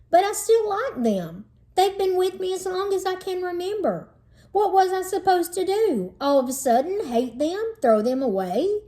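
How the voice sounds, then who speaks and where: Woman gently reading a kids' chapter book. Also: fairly high pitch. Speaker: teacher reading aloud. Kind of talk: children's book read-aloud.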